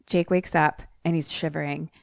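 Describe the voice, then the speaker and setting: A young adult woman co-hosting a podcast, retelling a film plot in a casual, animated way. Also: low voice, normal speed, vocal fry, no echo, clean studio sound. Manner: animated storytelling, acts out quoted lines. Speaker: podcast co-host.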